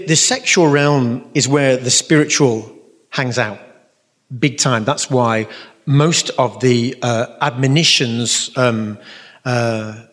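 A man answering audience questions as a Catholic speaker and musician, telling stories in an earnest, rambling way with many asides. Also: mid-range voice. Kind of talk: storytelling talk with audience Q&A. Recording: reverberant hall.

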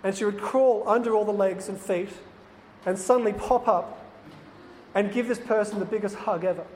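A man's voice: high-pitched, normal speed, darkish tone. A man who is a priest, telling an earnest, confiding personal story to lay people. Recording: faint noise, long hall reverb.

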